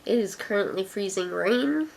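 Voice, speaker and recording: A woman from Canada with a cold, speaking in a gruff voice, chatting casually through a vlog challenge with a self-deprecating, filler-filled manner. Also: mid-range voice, lively intonation, moderate pace. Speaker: vlogger.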